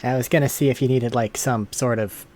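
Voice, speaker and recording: A man's voice: mid-range voice, steady tone, fairly quick, a little mellow. A man playing a tabletop role-playing game, thinking aloud and chuckling as he plans. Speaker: player. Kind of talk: casual tabletop role-play chat.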